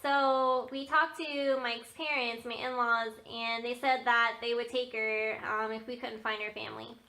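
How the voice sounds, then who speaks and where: Bright, high-voiced young woman vlogger. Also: steady tone, measured pace, a little hiss or hum. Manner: chatty storytelling, many fillers and laughs. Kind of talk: casual chat to camera.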